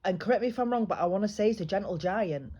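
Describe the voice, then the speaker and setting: A woman with a mellow, warm tone gives a private psychic reading. She talks in a chatty, reassuring way and often pauses and restarts her sentences. Her pitch sits in an ordinary middle range. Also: dull audio. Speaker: psychic medium. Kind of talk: private spiritual reading, casual chat.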